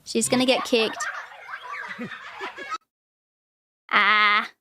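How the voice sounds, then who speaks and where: A young Australian woman streaming, reacting to videos with loud exclamations and laughter. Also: high-pitched, slow pace, long pauses, no room sound, studio quality. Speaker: VTuber streamer. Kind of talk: live-stream reaction commentary.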